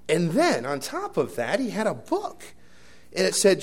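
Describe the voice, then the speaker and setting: A man preaching a sermon, telling a personal story with many fillers and restarts, moving between hushed asides and loud emphatic bursts. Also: high voice, wildly swooping pitch, measured pace. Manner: rambling anecdotal delivery with many fillers and restarts.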